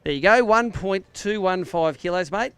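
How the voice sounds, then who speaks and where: A man's voice: high voice, lively intonation, normal speed, fairly bright tone, smooth, no echo. An Australian man emceeing a live fishing weigh-in outdoors by a lake, with jokey, upbeat banter. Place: outdoor lakeside weigh-in stage.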